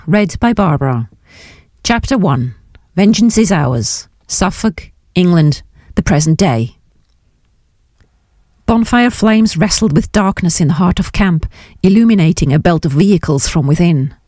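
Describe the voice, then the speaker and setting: A woman narrating a novel in a measured, descriptive audiobook reading. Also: fairly low pitch, a little mellow, no echo, clean studio sound. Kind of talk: scripted narration.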